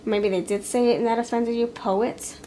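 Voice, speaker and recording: A woman's voice: fairly high pitch, fairly even intonation, moderate pace, very noisy. Rambling, frank woman reading tarot cards. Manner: rambling, frank, thinks aloud with fillers and restarts. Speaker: tarot reader. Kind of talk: pick-a-card tarot reading.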